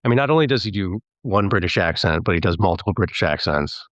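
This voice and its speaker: Brief: very deep male voice, talkative filmmaker guest, dry dull lo-fi sound. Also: animated, fast talker, fairly bright tone, dry recording. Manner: chatty, rambling, slips into mimicking voices when quoting. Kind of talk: casual podcast interview.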